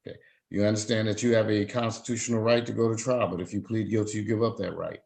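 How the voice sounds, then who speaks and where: A man's voice: lowish voice, steady tone, fast, creaky, a little mellow, rough recording. A man presiding as a judge, formally reading out charges, fines and rights in a court hearing. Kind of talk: court proceedings over a video call.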